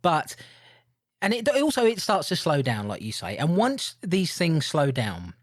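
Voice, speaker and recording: Lively, laughing British man co-host. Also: on the high side, normal speed, no room sound, studio quality. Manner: animated, jokey, laughs often. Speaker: podcast co-host. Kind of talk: casual podcast chat.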